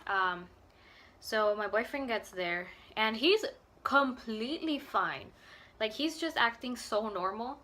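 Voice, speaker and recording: Young woman vlogger, bright voice, rambling storytime with lots of fillers. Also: on the high side, animated, slow pace. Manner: emotional and earnest. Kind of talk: personal storytime vlog.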